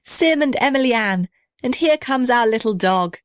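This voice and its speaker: A woman voicing a cheerful young male cottage who talks in excited exclamations. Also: fairly low pitch, slow pace, no echo, studio quality.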